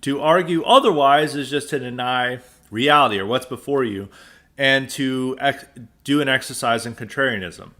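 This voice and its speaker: A man's voice: medium pitch, moderate pace, bright, forceful tone. An American man hosting a podcast, giving an emphatic, sarcastic political commentary monologue and often restarting his sentences. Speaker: podcast host.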